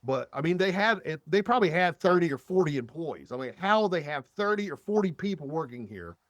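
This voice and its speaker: A man's voice: a little high, very animated, brisk, dry recording, lo-fi sound. A man in casual podcast chat, telling a long story with many fillers and restarts. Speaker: podcast guest.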